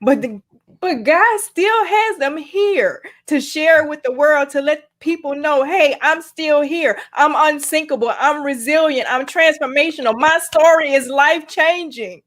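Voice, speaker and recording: A woman's voice: high voice, unhurried, fairly bright tone. A woman organizer speaking with passion and emotion, near tears, in a preacherly way. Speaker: book organizer. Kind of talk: impassioned testimony. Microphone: video call.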